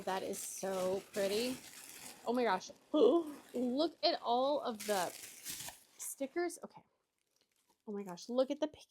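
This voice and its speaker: A woman's voice: fairly high pitch, darkish tone. A married woman hosting a chatty craft-unboxing vlog from her crafting table at home, gushing and gasping over each item. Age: adult, married. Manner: gushing, gasps and exclaims often. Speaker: craft channel host.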